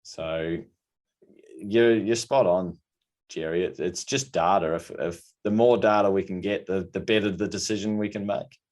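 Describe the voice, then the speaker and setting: A man's voice: sits low, fairly even intonation, normal speed, a little mellow. A man hosting a podcast interview, often repeating words as he starts sentences. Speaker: podcast host. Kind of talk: casual interview.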